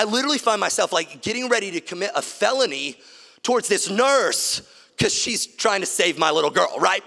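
High, bright-voiced preacher man in a hall. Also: creaky. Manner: casual, emphatic storytelling preacher. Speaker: pastor. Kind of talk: sermon. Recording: long reverb of a large hall.

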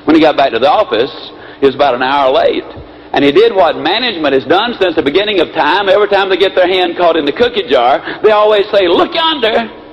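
A man giving an animated, folksy motivational speech, telling a story. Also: on the high side, quick pace, lo-fi sound. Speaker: motivational speaker.

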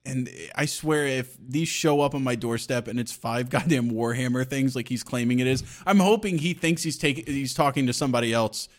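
A young man co-hosting a podcast, chatting in an animated, profane way and laughing often. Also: mid-range voice, moderate pace, hardly any pauses. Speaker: podcast co-host. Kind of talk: casual chat.

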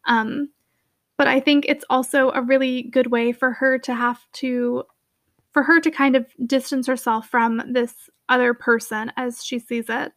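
Bright-voiced young woman reading aloud. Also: sits high, fairly even intonation, measured pace, no echo, studio quality. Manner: eager, chatty, many fillers in commentary. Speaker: audiobook reader and book commentator. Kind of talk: reading a novel aloud, then casual commentary.

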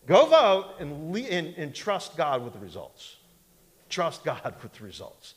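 A male pastor preaches in a church sanctuary in a folksy, conversational way, often asking the congregation for an amen, joking and slipping into mock voices. His voice is a little high, very animated and slow, with long hall reverb.

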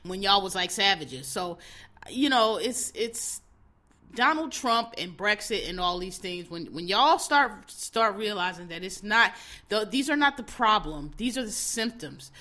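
Woman doing her solo podcast, bright forceful voice, blunt, animated, talking right to y'all. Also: mid-range voice, measured pace. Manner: animated, blunt, talks straight to listeners. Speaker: podcast host. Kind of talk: casual solo commentary.

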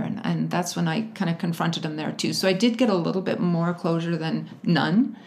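A woman candidly telling her personal story as an interview guest, laughing often and animated as she retells it. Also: fairly low pitch, normal speed, a little hiss or hum.

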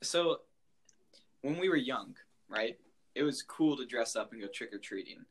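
A man's voice: mid-range voice, expressive, normal speed. A young man co-hosting a podcast, chatting casually and rambling with lots of "like". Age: young adult. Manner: rambling, says "like" a lot. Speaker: podcast co-host. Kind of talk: casual chat.

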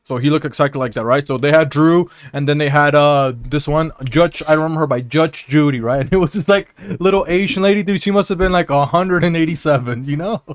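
A man's voice: a little high, brisk, few pauses, clean tone, no room sound. A young man co-hosting a podcast, telling rambling, profane stories in casual chat and often laughing at them. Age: young adult. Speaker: podcast co-host.

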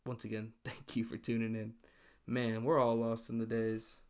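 A man's voice: mid-range voice, monotone, normal speed, clean tone. A man hosting his own podcast, talking alone in a loose, profane, exasperated rant. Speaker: podcast host. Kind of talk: casual solo podcast monologue.

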